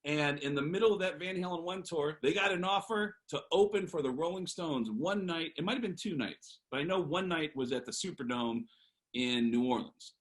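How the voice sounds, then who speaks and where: A man, a comedian guest, telling a long, animated anecdote with lots of fillers. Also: a little high, moderate pace, low-quality recording. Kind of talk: storytelling on a podcast.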